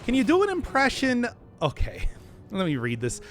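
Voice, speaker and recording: A man's voice: extremely high pitch, wildly swooping pitch, normal speed, soft background music. A young man streaming a game, chatting and rambling as he plays, often laughing. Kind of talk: live gameplay commentary.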